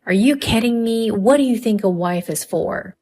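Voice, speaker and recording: A woman voicing an angry middle-aged father-in-law who loudly scolds his wife and son in a narrated story. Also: lowish voice, normal speed, natural voice. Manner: loud, scolding.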